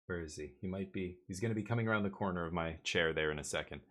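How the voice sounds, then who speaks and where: A man's voice: low-pitched, fast, fairly bright tone. A man chatting casually as he streams a card game, rambling with jokey asides. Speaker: live streamer. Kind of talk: casual gameplay commentary.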